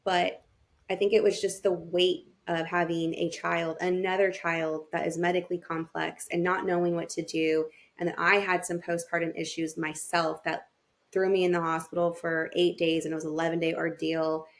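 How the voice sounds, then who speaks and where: A woman's voice: lowish voice, flat delivery, normal speed. A woman who works as a family therapist, a podcast guest telling her own story openly and with feeling, acting out what she thought at the time. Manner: open and emotional, acts out her own past thoughts. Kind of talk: candid personal storytelling.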